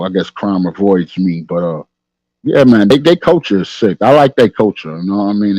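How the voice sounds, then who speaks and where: A man's voice: mid-range voice, a little mellow, no room sound, rough recording. A middle-aged man hosting a casual livestream podcast, reading the chat, laughing often and saying "you know what I mean" after nearly every line. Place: at home with camera off.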